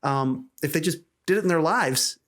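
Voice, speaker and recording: A man's voice: on the high side, normal speed, a bit bright. A man hosting a podcast, asking long, rambling questions with many restarts and affirming his guest. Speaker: podcast host. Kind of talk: casual podcast interview. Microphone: studio mic.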